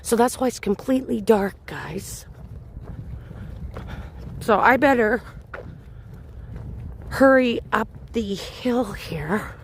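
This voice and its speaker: Unhurried woman on a live walk. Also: a little high, animated, creaky, slight background noise. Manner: chatty and unhurried, addresses viewers by name. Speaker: host of a livestreamed city walk. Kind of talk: casual live-stream chat, answering viewers. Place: outdoors in a large city park at night.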